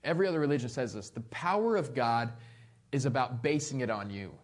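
A man preaching a sermon, reading scripture aloud and adding playful, animated asides. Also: mid-range voice, a little fast. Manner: reads scripture aloud then comments. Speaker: pastor.

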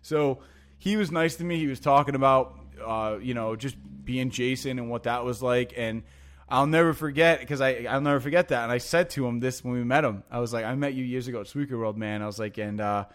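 A man's voice: medium pitch, a little fast. A man telling long, rambling anecdotes in casual chat, full of fillers like "like" and "you know" and frequent swearing.

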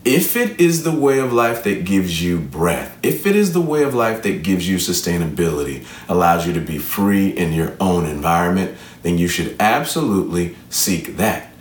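A man's voice: deep voice, very animated, normal speed, hardly any pauses. A man telling a fable and drawing an earnest, preacher-like motivational lesson from it. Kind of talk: motivational storytelling talk. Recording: roomy echo, from a distance.

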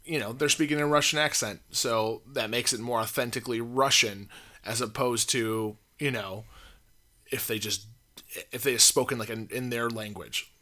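Bright-voiced rambling podcast guy. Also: medium pitch, fairly even intonation, normal speed. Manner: rambling, hesitant, full of "like" fillers. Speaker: podcast co-host. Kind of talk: casual chat.

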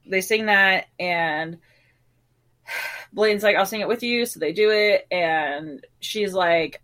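A woman's voice: medium pitch, slow pace, fairly bright tone. Young woman co-host, casual recap chat, giggly, mimics characters' lines. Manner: chatty, laughs often, acts out characters' lines. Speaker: podcast co-host.

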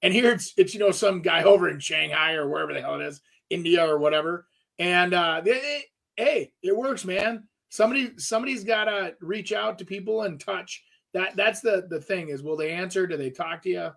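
A man's voice: high voice, brisk, gravelly, a bit bright. A man, a real estate agent, co-hosting a casual chat and talking in a rambling way, full of restarts. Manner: rambling, lots of fillers and restarts.

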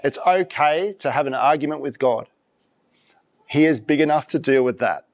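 A pastor preaching a sermon in church, talking conversationally and throwing out rhetorical questions in an animated way. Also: male voice, mid-range voice, normal speed, dull audio.

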